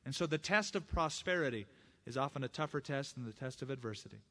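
A man preaching a sermon at a middle pitch, neither high nor low. He tells personal stories and quotes scripture, acting out the voices he quotes. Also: fast talker. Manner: expressive preaching that acts out quoted speech; personal testimony.

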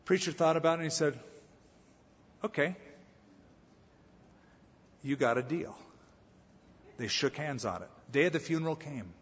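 Storytelling preacher in an echoey church. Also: male voice, a little high, animated, unhurried, pauses often, breathy edge. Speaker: pastor. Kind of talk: sermon. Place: church sanctuary. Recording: echoey hall, slightly dull sound.

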